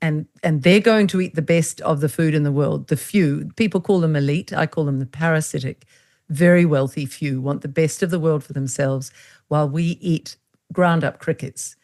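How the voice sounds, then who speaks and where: A woman interview host with a low voice for a woman. She speaks emphatically and turns to address her viewers directly, with an indignant edge to her words. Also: normal speed, darkish tone. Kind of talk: conversational interview.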